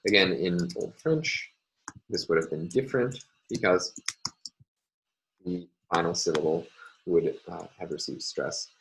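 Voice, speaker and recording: Male lecturer with a deep voice, measured and hesitant, for a recorded lesson. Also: gravelly, slight background noise, low-quality recording. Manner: hesitant, many ums and uhs, explanatory. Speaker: university lecturer.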